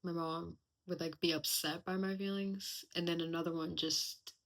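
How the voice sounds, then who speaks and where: A woman's voice: on the low side, fairly even intonation, moderate pace, fairly bright tone. A young woman hosting a casual personal podcast, talking candidly and reflectively with lots of chatty fillers. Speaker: podcast host.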